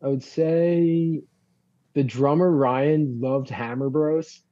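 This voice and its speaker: A man's voice: a little high, fairly even intonation, takes it slowly, warm tone, no echo, muffled recording. Laid-back young man with Long Island accent. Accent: Long Island New York. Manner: laid-back, rambling, swears freely, many fillers. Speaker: band frontman, guest. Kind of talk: casual interview storytelling.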